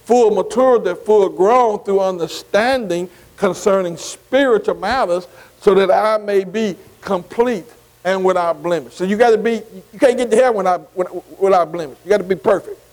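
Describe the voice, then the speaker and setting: A man's voice: high-pitched, moderate pace, a little mellow, big-room sound, poor audio. A man teaching a Bible study class. He spells Greek words out letter by letter, keeps saying "see" between phrases and keeps asking the class if they follow.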